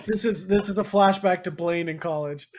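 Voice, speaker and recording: A man's voice: sits high, moderate pace, a little mellow. A man co-hosting a podcast, teasing the others and joking in casual chat. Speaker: podcast co-host.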